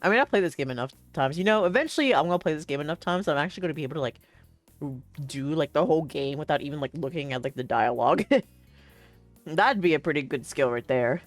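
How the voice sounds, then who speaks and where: A woman's voice: deep voice, lively intonation, fast, no echo, faint music behind. A young woman streaming a game, chatting casually and reading the story aloud, rambling with many fillers and frequent laughs.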